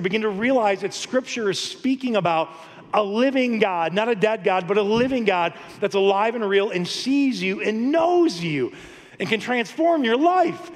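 A pastor preaching a lively, story-filled sermon, often laughing. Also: male voice, sits high. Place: church sanctuary. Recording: long hall reverb.

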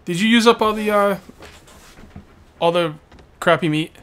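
A man's voice: high voice, a little slow, fairly bright tone, smooth. A man hosting a gameplay channel, chatting casually and teasing his co-players during a multiplayer session. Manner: joking, teasing banter. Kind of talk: casual multiplayer game chat.

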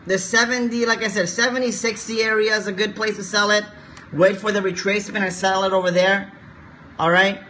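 A man's voice: high voice, sharp tone, a little hiss or hum. A man streaming live forex chart analysis, coaxing viewers to share and repeating his points.

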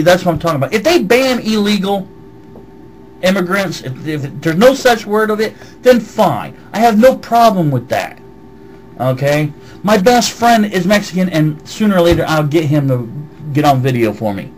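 A man's voice: on the high side, lively intonation, moderate pace, slight background noise, low-quality recording. A man with a slight Southern American accent, ranting on a vlog and reading out comments in a heated, swearing voice. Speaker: vlogger. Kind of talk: angry vlog rant answering comments.

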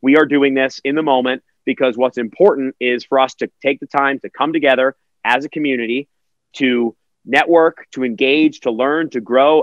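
A man's voice: mid-range voice, no echo, muffled recording. A man who works as a virtual event host, answering interview questions energetically and acting out quotes in other voices.

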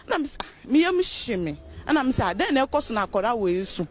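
A woman's voice: a little high, sing-song, fast talker, few pauses, breathy edge. A woman, a neighbor, vividly describing to an interviewer what she saw. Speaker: neighbor witness. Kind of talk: interview account in Twi.

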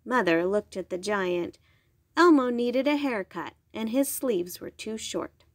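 A woman reading a bedtime story aloud, slowly and gently. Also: a little high, expressive, no echo, clean studio sound. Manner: slow, gentle, clear.

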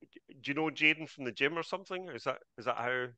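Bright-voiced man coaching an online class. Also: a little high, fast talker, no echo. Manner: chatty, greets attendees by name. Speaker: trading coach hosting the class.

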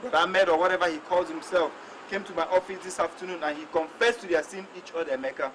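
A man's voice: sits high, steady tone, fast, fairly bright tone, slight background noise, rough recording. An actor playing a young man torn between his lover and his family, with a Nigerian accent, speaking wearily. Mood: exasperated. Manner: weary, exasperated.

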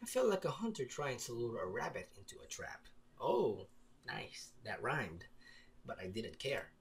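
A man's voice: mid-range voice, sing-song, a little slow, vocal fry. A man from the Philippines playing a visual novel, reading its lines aloud with playful, jokey asides. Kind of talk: let's play commentary and narration.

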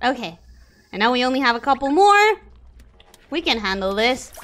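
Very high, bright-voiced woman streamer. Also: normal speed. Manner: excitable, swears freely and talks back to chat. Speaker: game streamer. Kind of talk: live gameplay commentary with chat replies.

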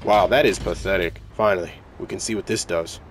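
A young man giving casual, excitable, slangy commentary while playing a video game. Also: low-pitched, a little fast, faint music behind. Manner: excitable, yelling, slangy, hype. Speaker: gaming streamer.

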